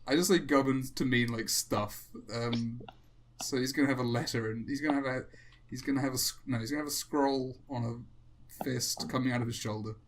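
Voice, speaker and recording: A man's voice: mid-range voice, fairly even intonation, a little fast, a little hiss or hum. A man hosting a casual chat while drawing, rambling and self-mocking with frequent chuckles. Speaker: host.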